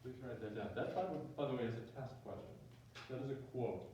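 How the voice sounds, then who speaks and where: A male math teacher lecturing in a joking, animated way, with a fairly high, mellow voice. It bounces around a classroom and is picked up from far off, sounding dull under a faint room hum. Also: quick pace. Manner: joking, animated, talks to himself. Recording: echoey room, distant mic, dull sound.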